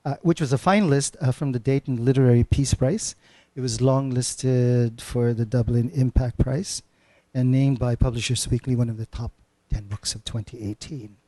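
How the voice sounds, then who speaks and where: A man's voice: mid-range voice, fairly even intonation, normal speed, mellow, dry recording. A man hosting a literary reading, introducing the guests with frequent hesitant filler sounds. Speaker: event host introducing readers.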